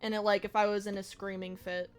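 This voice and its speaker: A woman's voice: medium pitch, flat delivery, quick pace, faint music behind. A young woman streaming a game, chatting casually in a rambling, reflective way with slang and swearing. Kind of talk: casual chat while gaming on stream.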